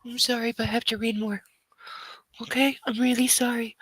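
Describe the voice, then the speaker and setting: A woman's voice: a little high, fairly even intonation, normal speed, fairly bright tone, slightly rough, no room sound, low-quality recording. A woman hosting a book club livestream from home, chatting casually and gushing in baby talk to her dog.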